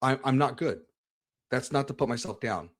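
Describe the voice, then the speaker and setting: A man's voice: mid-range voice, animated, normal speed. A man talking earnestly about his faith in an interview, often restarting and repeating words as he searches for them. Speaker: podcast host being interviewed. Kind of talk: candid personal conversation about faith.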